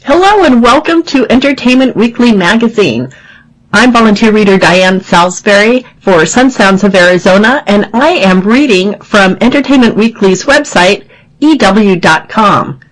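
A woman's voice: medium pitch, lively intonation, normal speed, rough recording. A woman volunteer reader on a reading-service radio show, presenting a magazine in a chatty manner.

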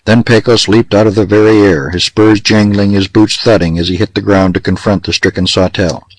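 A man narrating a western novel in a steady, measured way. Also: on the low side, dry recording, rough recording. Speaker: audiobook narrator.

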